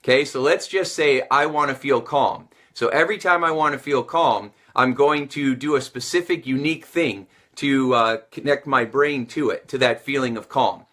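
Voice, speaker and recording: A man teaching as a sales and communication coach, talking to camera in an energetic, motivational way and repeating phrases for emphasis. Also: medium pitch, normal speed, few pauses.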